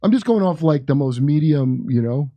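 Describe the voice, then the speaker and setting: A man riffs loosely and sarcastically, swearing as he goes. His voice sits a little high, and the recording is dry with almost no room sound. He talks in a casual, rambling way. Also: lively intonation, normal speed, dark tone, no room sound. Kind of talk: casual political chat.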